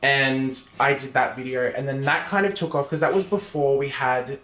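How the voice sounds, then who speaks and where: A young Australian man chats as a podcast guest, spinning animated stories. His speech is full of "like", laughter and swearing. His voice sits at a middling pitch and carries a roomy echo. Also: moderate pace, a little hiss or hum. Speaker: guest, drag performer. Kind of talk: casual interview chat.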